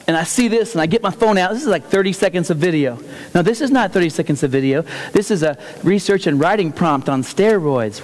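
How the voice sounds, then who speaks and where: A man giving a humorous conference keynote, telling stories and repeating key phrases for effect. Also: sits high. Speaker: keynote speaker. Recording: long hall reverb.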